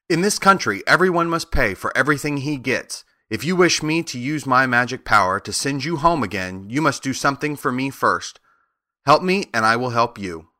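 A man's voice: medium pitch, sharp tone, no echo, clean studio sound. A man playing a stern giant wizard head. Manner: stern, commanding, measured.

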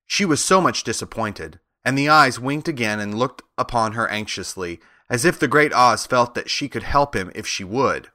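Male narrator for a children's audiobook; bright tone, steady, measured delivery. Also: medium pitch.

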